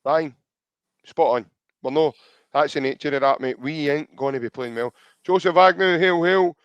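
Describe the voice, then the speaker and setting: A chatty Scottish man hosts a casual podcast, reading listener comments aloud and calling his co-host mate. His voice sits a little high. The recording is dry and a bit dull, like a lo-fi mic. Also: normal speed, clean tone, no room sound.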